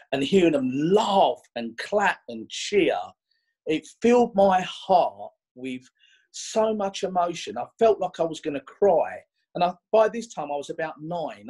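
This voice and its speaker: A man, a magician guest telling stories in an animated, chatty way with many restarts. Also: a little high, slightly rough, poor audio. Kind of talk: conversational interview storytelling.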